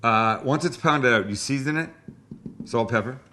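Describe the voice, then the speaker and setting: A man's voice: medium pitch, normal speed, bright, forceful tone, a little hiss or hum. Wisecracking man hosting a cooking show. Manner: joking, wisecracking, a bit profane. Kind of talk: casual cooking demonstration.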